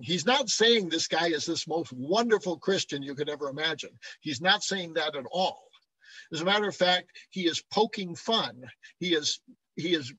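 A man's voice: high voice, pushed and bright, no echo, rough recording. A man giving a classroom lecture on Bible translation, often checking in with the class and chuckling as he explains.

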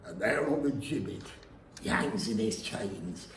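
A man performing a comic music-hall song at a folk club, half singing and half speaking, with theatrical shouted outbursts. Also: fairly low pitch, lively intonation, measured pace, noisy background. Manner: theatrical, with sudden shouted interjections. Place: live folk club room. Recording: echoey room with faint ambience.

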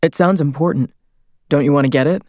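A woman's voice: low-pitched, fairly quick, a little mellow, no echo, studio quality, natural voice. A woman voicing a young male boss who is hesitant and politely uncomfortable.

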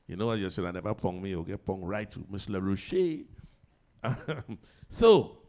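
A man's voice: low voice, expressive, fast talker, a little mellow. Jokey man hosting. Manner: jokey, chatty, laughs easily. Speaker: online concert host. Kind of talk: live show hosting.

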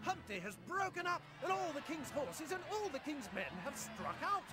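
Video game townsperson, frantic, breathless announcing, very high voice, lively swings, music behind. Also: male voice, moderate pace.

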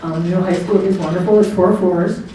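A woman's voice: on the low side, fairly even intonation, fairly quick, background noise. A middle-aged woman giving a chatty, anecdotal speech as guest of honor at her party, laughing often and acting out what people said. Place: hotel banquet room. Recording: echoey banquet hall from far off.

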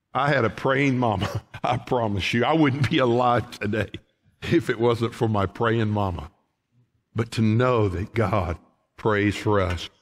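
Man, pastor, sermon, folksy, dynamic swings in loudness. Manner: preaching with big swings from loud shouted lines to quiet low ones; folksy, calls the congregation folks. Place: church sanctuary.

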